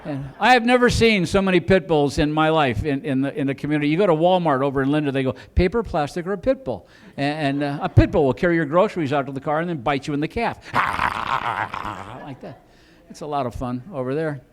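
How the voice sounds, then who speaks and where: Rambling stand-up comic, higher-pitched man. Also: brisk. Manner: rambling, restarts with repeated "and". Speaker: comedian. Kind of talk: stand-up storytelling. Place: comedy club stage.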